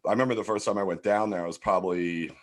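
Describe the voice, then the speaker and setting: A man in his forties from Philadelphia, USA, talks in a low, steady voice at a racing speed. As a podcast guest, he tells stories in a loose, profane, filler-heavy way during a casual storytelling chat.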